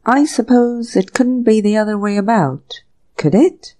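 Woman voicing a nonchalant young gentleman in an audiobook, casual and mellow. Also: fairly high pitch, expressive, a little slow, voice pushed up.

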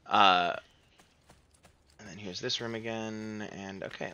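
A young man gives casual, rambling commentary while he plays a game, full of jokes and self-deprecating asides. His voice is very bright and forward, recorded close on a desk mic. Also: lowish voice, steady tone, slow pace, slight background noise. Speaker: streamer playing a game. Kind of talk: casual let's-play commentary.

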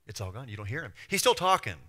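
A man preaching a sermon as pastor, lively and acting out the voices he quotes. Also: medium pitch, fast. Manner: animated, acts out voices and quotes. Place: church.

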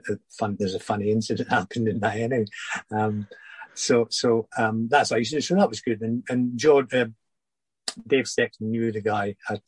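An older former footballer, husky-voiced, recalling his career in a halting interview chat full of restarts. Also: fairly low pitch, darkish tone, dry recording, poor audio. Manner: halting, many restarts and repeated words.

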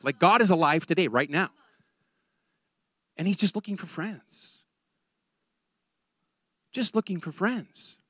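A man preaching a sermon in an animated way, often repeating words as he builds a point. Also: sits high, dry recording, clean studio sound.

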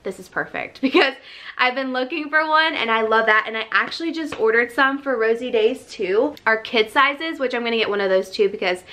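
A woman's voice: fairly high pitch, fairly quick, sharp tone. A young adult woman vlogging in a casual, chatty way, out of breath, laughing often and filling her talk with "like" and "um". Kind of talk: casual vlog chat.

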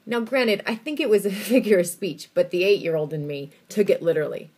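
Husky-voiced woman telling a personal story. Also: mid-range voice, normal speed. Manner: expressive storytelling with vivid emphasis.

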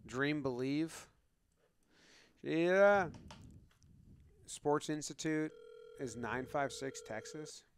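A man's voice: on the high side, very slow, pauses often, clean tone. A man co-hosting a podcast, thinking aloud and swearing casually while working through a guessing game. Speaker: podcast co-host.

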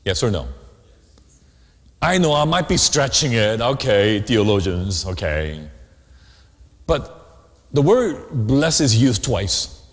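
A man preaching a sermon as pastor, animated, often asking the congregation questions. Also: lowish voice. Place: church sanctuary. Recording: long hall reverb.

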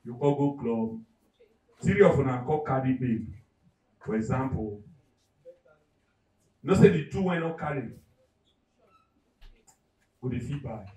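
A man with a Nigerian accent doing live stand-up comedy, animated and loud, acting out characters and shouting punchlines. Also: medium pitch, measured pace, long pauses, reverberant, distant mic, rough recording. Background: audience.

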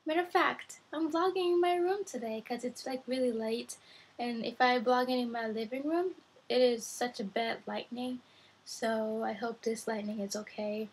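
A woman's voice: fairly high pitch, normal speed, slightly rough, rough recording. A woman vlogging from her bedroom at night, chatting eagerly and directly to her viewers while teaching Japanese words. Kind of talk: casual vlog talk to viewers.

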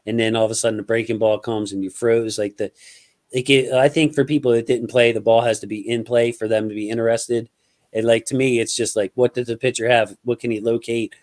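A man's voice: mid-range voice, steady tone, brisk, darkish tone. A man hosting a casual sports podcast, loose and slangy, talking football scouting with a guest. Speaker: podcast host.

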